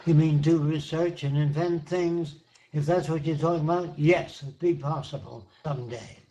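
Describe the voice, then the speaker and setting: An older man answering questions in an online seminar, explaining his ideas slowly and emphatically, with plenty of examples. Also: a little high, mellow, poor audio. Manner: slow, emphatic, repeats points with examples.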